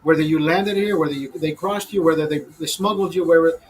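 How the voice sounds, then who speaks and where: A man's voice: fairly high pitch, fairly even intonation, fast talker, poor audio. A man ranting casually to his viewers over a beer, profane and fired up, calling them brother. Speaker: host.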